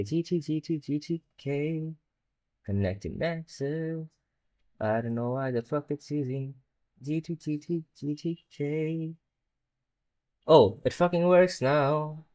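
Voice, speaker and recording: A young adult streamer talks slowly to themselves while working at the computer, swearing often and sliding into sarcasm. The pitch swings widely, rising and falling from one remark to the next. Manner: frustrated, profane, sarcastic muttering. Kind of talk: casual livestream commentary while working on a computer.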